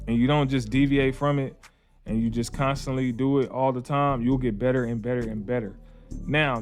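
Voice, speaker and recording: Slangy casual man teaching trading. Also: mid-range voice. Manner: informal, repeats himself, slangy asides. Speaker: trading educator. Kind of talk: casual screen-share tutorial.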